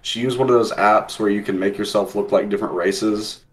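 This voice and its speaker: A man from the United States talks in a lower voice, casual and wry. He chats in a relaxed online debate. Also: fairly quick. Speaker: debate panelist.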